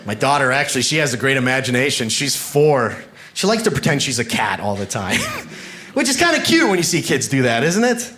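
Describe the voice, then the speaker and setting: A man in his thirties doing a stand-up comedy set on a club stage, telling self-mocking stories with bursts of shouted punchlines. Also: mid-range voice, sing-song, fairly quick. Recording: noisy live club recording.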